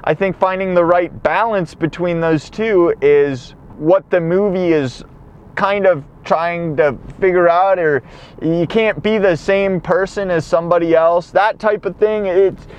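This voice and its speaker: A man's voice: sits high, a little slow, smooth, lo-fi sound. A man hosting a podcast, recapping a film in a rambling, profane monologue while he drives. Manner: rambling, profane, acts out lines. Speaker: podcast host. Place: car while driving.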